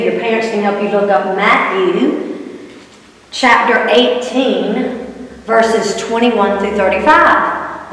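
A woman's voice: mid-range voice, slight background noise. Woman leading a children's sermon in an echoey hall. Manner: earnest, teacherly, addresses children directly. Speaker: children's worship leader. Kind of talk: children's sermon with scripture reading. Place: church sanctuary. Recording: echoey hall, distant mic.

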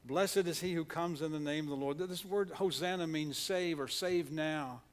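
A man's voice: on the high side, normal speed. A man with an Oklahoma accent preaching a sermon in a church, speaking earnestly with frequent restarts and repeated words. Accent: Oklahoma, Southern US. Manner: earnest preaching with frequent restarts, leads the congregation in call-and-response. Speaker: pastor. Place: church sanctuary.

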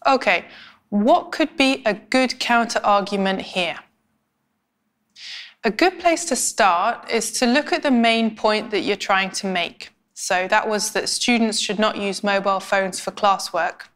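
A woman teaching academic writing in a clear, measured, scripted explainer style. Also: mid-range voice, fairly bright tone. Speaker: language instructor.

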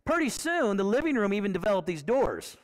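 A male preacher with a high voice that swings widely as he preaches. He talks to the congregation like in a conversation, keeps asking them questions and repeats phrases for emphasis. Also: a little fast. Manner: animated, conversational, asks the congregation rhetorical questions. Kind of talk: sermon.

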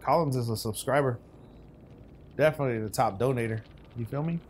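A young man streaming a game, chatting loosely with his viewers in slangy banter that swings from hype to low mutters. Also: a little fast, a little hiss or hum. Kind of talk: casual gaming stream commentary.

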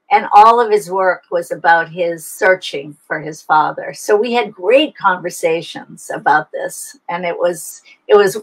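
A woman's voice: mid-range voice, low-quality recording. Older woman, reflective storyteller on a call. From United States. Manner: reflective, storytelling, frequent restarts. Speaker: adoption expert guest. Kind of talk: interview by video call.

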